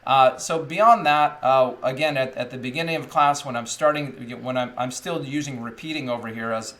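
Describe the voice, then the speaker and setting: A man's voice: mid-range voice, a bit bright. A man in his thirties, an English teacher talking casually about classroom methods, rambling and joking, with many fillers and restarts. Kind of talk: casual teaching talk to camera.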